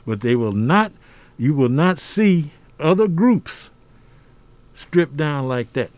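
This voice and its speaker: Slow and sing-song, his fairly high voice a little mellow with no echo, an older American podcast guest speaks emphatically and preacherly in a conversational interview, frequently saying "see?".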